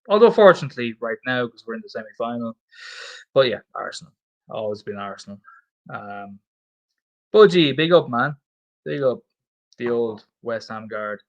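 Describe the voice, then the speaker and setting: A man's voice: medium pitch, a bit bright, low-quality recording. Chatty, profane man on a livestream. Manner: swears freely, chatty, repeats himself. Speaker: stand-in livestream host. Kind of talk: casual livestream chat reading comments.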